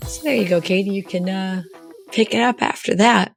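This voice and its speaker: Gravelly-voiced woman telling a story. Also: medium pitch, normal speed, music in the background. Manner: animated, filler-heavy, swearing storyteller. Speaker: podcast co-host. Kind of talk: casual storytelling chat.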